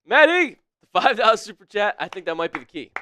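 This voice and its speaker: A young man calling football plays on a live fan stream, shouting at big plays, laughing often, and putting on a playful mock British accent. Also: high voice, rapid-fire, slight background noise. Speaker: live stream co-host doing play-by-play.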